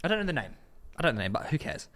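A man's voice: fairly high pitch, big pitch swings, rapid-fire, a bit bright. A man co-hosting a casual football podcast, reading out listener stories and running a quiz. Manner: reads listener stories and runs a quiz, laughing often. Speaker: podcast co-host.

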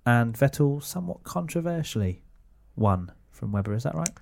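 A man's voice: medium pitch, big pitch swings, moderate pace, vocal fry, darkish tone. A man co-hosting a casual podcast, steering the talk and teasing his co-hosts. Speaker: podcast co-host.

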